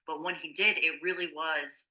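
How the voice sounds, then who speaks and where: A woman's voice: deep voice, steady tone, moderate pace, pushed and bright, low-quality recording. A woman nutrition coach in casual conversation, explaining things with many fillers and restarts. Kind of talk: casual podcast chat.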